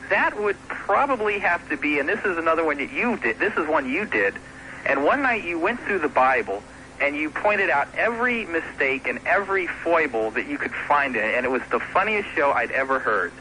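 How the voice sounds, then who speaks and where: Man, radio caller, somewhat high, bright voice, rambling, faint hiss. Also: sing-song, a little fast, low-quality recording. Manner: rambling, chuckling, hesitant. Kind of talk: phone-in chat.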